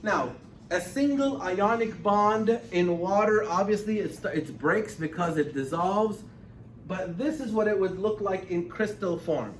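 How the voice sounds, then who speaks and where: A man with a high voice lectures a chemistry class, pressing his points with emphatic, animated repetition. He is picked up from across an echoey classroom, so he sounds roomy and distant over faint background ambience. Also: unhurried, a little hiss or hum. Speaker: chemistry teacher.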